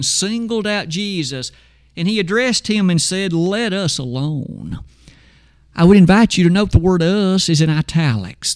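A man delivering a sermon, reading scripture aloud with slow, emphatic pauses. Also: high voice, no echo, clean studio sound. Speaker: preacher.

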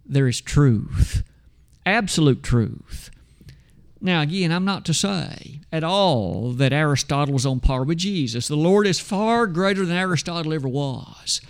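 A man preaching a sermon, emphatic, asking rhetorical questions and slowing down to stress scripture. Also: fairly high pitch, lively intonation.

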